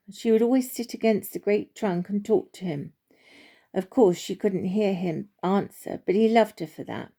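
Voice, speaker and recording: A woman reading a children's storybook aloud in a gentle, unhurried way, with small slips and restarts. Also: mid-range voice.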